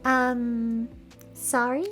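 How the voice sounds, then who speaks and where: A woman's voice: fairly high pitch, level tone, very slow, a bit bright, soft background music. A woman from California with a Valley Girl accent, hosting a playful, wry commentary over film clips. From San Francisco area, California. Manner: playful, wry, joking asides. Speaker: video essay host.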